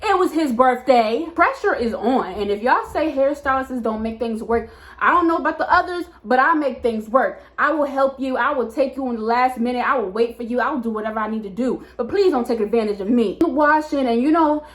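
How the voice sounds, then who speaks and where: A woman's voice: sits high, brisk. Chatty young woman telling a story. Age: 20s. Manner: chatty, animated, lots of "like" and repeats. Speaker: hairstylist and vlogger. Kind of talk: casual storytime vlog. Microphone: camera mic.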